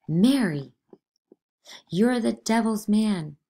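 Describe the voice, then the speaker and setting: A woman's voice: mid-range voice, expressive, slow pace, vocal fry, mellow, breathy edge, pitched above the performer's own voice, full character voice. A woman reading a play aloud, voicing a frightened teenage girl accuser who sobs and pleads in panic. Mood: panicked. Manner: sobbing, breathless, pleading.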